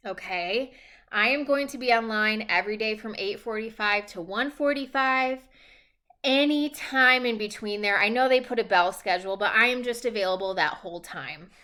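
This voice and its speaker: Bright-voiced woman teacher giving instructions. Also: medium pitch, moderate pace, clean tone. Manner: casual, reassuring, checks in with frequent "okay?". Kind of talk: recorded remote class instructions. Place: at home.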